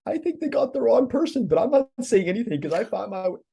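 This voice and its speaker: A man voicing a man who sneaks into paradise, exclaiming with a rising pitch. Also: big pitch swings, fast, gravelly, warm tone, breathy edge, heavily acted. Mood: elated.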